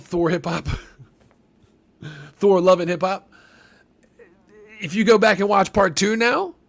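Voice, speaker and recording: A man hosting a casual trailer reaction, talking in a rambling, profane, excitable way with lots of restarts. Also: sits high. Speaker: movie reaction host.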